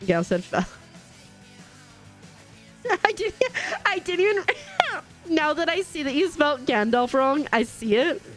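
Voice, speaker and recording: A woman's voice: high voice, animated, unhurried, long pauses, soft background music. A woman streaming a game live, chatting casually, laughing often and greeting her chat viewers. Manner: bubbly, giggly, greets chat viewers warmly.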